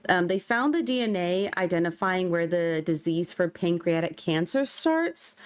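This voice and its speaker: A woman's voice: lowish voice, no echo. A young woman from California chatting casually on a game livestream, bubbly and talkative. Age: young adult. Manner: bubbly, chatty, breaks into squeals and gasps. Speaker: streamer. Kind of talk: casual livestream chat while gaming.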